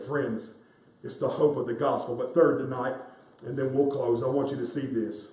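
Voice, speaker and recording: A man's voice: medium pitch, steady tone, normal speed, darkish tone. A man preaching a sermon as pastor, emphatic and repeating key phrases to the congregation he calls friends. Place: church sanctuary. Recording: roomy sound from a distant mic.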